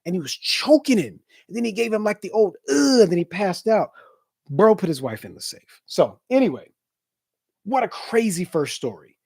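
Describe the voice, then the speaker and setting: A man chatting casually after a live book reading, excitable and slangy, breaking into animated bursts. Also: high voice, normal speed, creaky, husky, dry recording, studio quality. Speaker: live-stream book reader.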